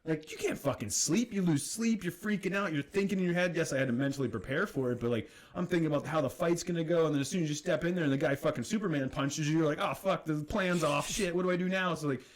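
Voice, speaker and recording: A man's voice: fairly high pitch, quick pace, hardly any pauses. A man, a former hockey enforcer on a podcast, telling stories in casual chat, swearing freely and acting out the lines he quotes. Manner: profane, animated, acts out quoted lines.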